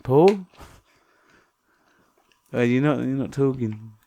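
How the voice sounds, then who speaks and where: Rambling man with a lively voice. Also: medium pitch, slow. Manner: rambling, chatty, self-narrating. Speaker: podcast co-host. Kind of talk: comedic podcast banter.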